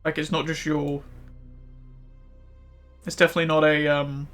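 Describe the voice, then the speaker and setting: Streamer, male, casual rambling chat, slightly high voice, faint music underneath. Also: flat delivery, normal speed, fairly bright tone. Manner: rambling, many fillers like "like". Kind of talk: casual chat while gaming.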